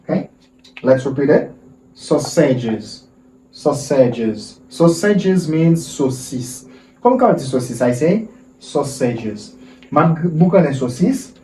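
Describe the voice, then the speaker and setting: Slow, deliberate teacher. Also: male voice, mid-range voice, big pitch swings, mellow. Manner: slow drilling, repeats words and asks for repetition. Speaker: English teacher. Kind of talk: vocabulary lesson for Haitian Creole and French speakers. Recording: roomy, distant mic with faint noise.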